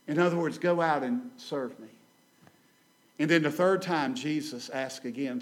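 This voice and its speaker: A male preacher delivers a sermon from a church pulpit. His voice sits high for a man. He swings from loud, ringing lines to hushed ones, doubles up phrases and calls on the congregation to answer. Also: moderate pace. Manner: dramatic rises and drops in volume, repeats phrases, calls for amen. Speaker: guest preacher. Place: church sanctuary.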